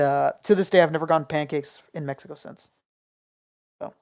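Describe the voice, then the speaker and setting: A podcast co-host telling a story in an animated, casual way with plenty of swearing. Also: medium pitch, a little fast. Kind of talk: casual chat.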